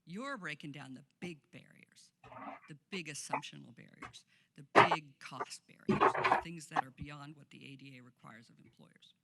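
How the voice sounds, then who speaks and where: A woman's voice: low-pitched, very noisy. A woman giving a passionate conference keynote speech, emphatic and laughing often, recorded in a conference hall. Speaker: keynote speaker.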